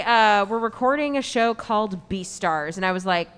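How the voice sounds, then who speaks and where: A woman tells a chatty story on a convention stage in a bright, crisp, smooth voice. The hall adds a long reverb behind her. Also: medium pitch, moderate pace. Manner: chatty, expressive retelling. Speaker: voice actress panelist.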